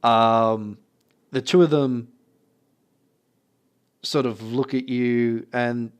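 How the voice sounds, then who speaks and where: A man running a tabletop game as game master, narrating in a relaxed, meandering way. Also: mid-range voice, drawn-out words, smooth.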